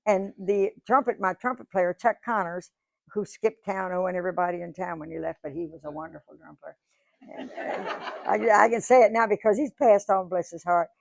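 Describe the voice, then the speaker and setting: She talks a little fast in a steady, mid-range, creaky voice without echo. A singer in her 90s visiting a museum lecture room as guest speaker, she entertains a live audience with folksy, rambling tales, frequently repeating herself and restarting.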